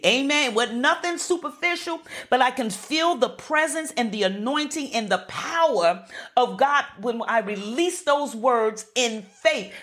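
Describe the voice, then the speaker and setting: A woman preaching a sermon to an online group, animated and laughing often, calling for responses from her listeners. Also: fairly high pitch.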